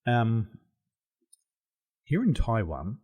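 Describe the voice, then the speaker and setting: A man's voice: mid-range voice, drawn-out words, breathy edge, highs cut off. A man from Australia with an Australian accent, a guest in a casual interview, telling stories with lots of laughter. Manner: animated storyteller who laughs often. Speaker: podcast guest. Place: home in Taiwan.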